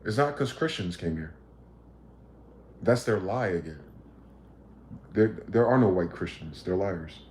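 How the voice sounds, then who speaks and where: A man rants on a livestream, swearing freely and pressing listeners with combative rhetorical questions. His voice sits in a mid range with a dark, mellow tone, and his room gives it a noticeable echo. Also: sits low, lively intonation, a little slow, pauses often, a little hiss or hum. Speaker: livestream host. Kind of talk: ranting livestream monologue.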